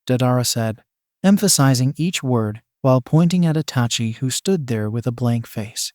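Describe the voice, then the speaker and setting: A man narrating a fan fiction story in a plain, even reading voice. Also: mid-range voice, normal speed, no echo, clean studio sound.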